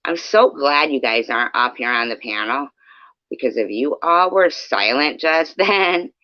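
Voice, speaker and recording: A woman's voice: extremely low pitch, expressive, a little slow, no room sound, lo-fi sound. A woman chatting casually with her viewers, joking, laughing often and swearing freely. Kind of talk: casual live chat.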